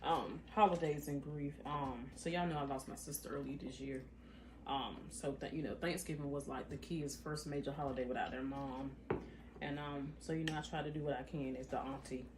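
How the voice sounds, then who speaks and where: A woman's voice: low-pitched, steady tone, normal speed, background noise. A woman speaking candidly in a podcast conversation, outspoken and heartfelt, in a casual colloquial way.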